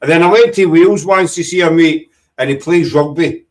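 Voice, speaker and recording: A man's voice: fairly high pitch, a little fast, a little mellow, far from the mic, rough recording. A Scottish man in casual chat, telling funny stories with laughter and swearing. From Scotland. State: half deaf. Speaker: paranormal team member guest.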